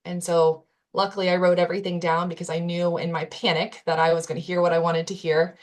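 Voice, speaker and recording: A woman's voice: on the low side, little pitch movement, brisk. A young adult woman, a podcast guest, telling a personal story in an earnest, candid way with casual fillers and restarts.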